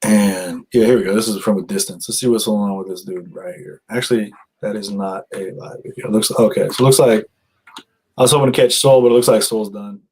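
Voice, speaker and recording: A man's voice: fairly low pitch, fairly even intonation, brisk, darkish tone, slightly rough, rough recording. A man hosting a livestream in casual commentary, chatty and rambling, talking into a headset at his streaming setup. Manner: chatty, rambling, laughs at himself. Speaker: livestream host.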